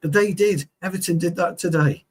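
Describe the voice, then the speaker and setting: A man in his forties talks football in a heated, swearing, animated way. His voice is husky and a little breathy. He drifts into stories from his playing days. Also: sits high, moderate pace. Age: 40s. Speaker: co-host, former player. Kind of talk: heated casual football chat.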